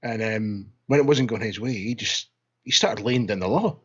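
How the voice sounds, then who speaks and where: A man's voice: fairly low pitch, normal speed, husky, dull audio. A man co-hosting a gaming podcast in casual chat, rambling, laughing and restarting his words. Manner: rambling, laughing, repeats words when starting. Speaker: podcast host.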